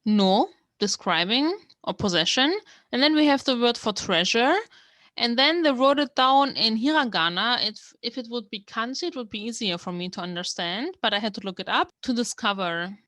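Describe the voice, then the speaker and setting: A woman's voice: fairly high pitch, expressive, normal speed, fairly bright tone, no room sound, studio quality. A young woman from Germany, giving a casual language lesson and explaining a manga text word by word as she thinks aloud. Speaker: language learner teaching from a manga.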